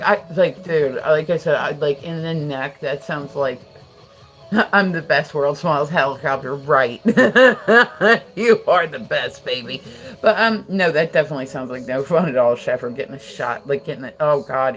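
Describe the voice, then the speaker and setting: A woman hosts a livestream, chatting casually with viewers at a moderate pace in a low, animated voice. She rambles with plenty of fillers and laughs often.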